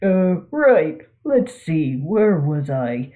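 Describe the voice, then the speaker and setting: A woman's voice: sits low, sing-song, very slow, full character voice. A woman voicing a vain, cowardly male space captain who talks in a pompous, self-pitying, theatrical way. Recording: tinny phone-like audio.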